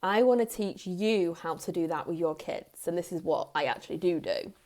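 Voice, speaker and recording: A woman in her thirties, a parenting coach, giving earnest advice straight to the camera in a soft tone, repeating key phrases for emphasis. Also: fairly low pitch, moderate pace. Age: 30s. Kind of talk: direct-to-camera advice talk.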